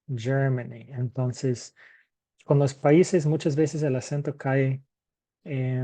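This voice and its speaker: A man gives a classroom lesson in a relaxed, mellow voice. He speaks slowly and repeats each word patiently for learners, thinking aloud as he goes. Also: medium pitch. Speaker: English teacher.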